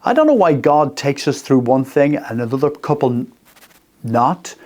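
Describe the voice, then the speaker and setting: This radio host, a man in his sixties, has a medium-pitched, darkish voice with big pitch swings and a moderate pace. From the studio he delivers an earnest, personal faith talk built on short repeated phrases.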